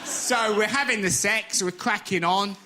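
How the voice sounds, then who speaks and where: Brief: Cockney stand-up comic, slightly high male voice, cheeky and self-mocking, very noisy TV recording. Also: a little slow. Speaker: stand-up comedian. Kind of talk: stand-up comedy routine. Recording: very noisy television broadcast recording.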